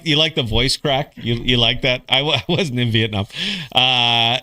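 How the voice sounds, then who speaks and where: A man's voice: mid-range voice, normal speed, pushed and bright. A middle-aged man hosting a casual livestream podcast, laid-back and swearing, calling people bro and dude. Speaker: podcast host.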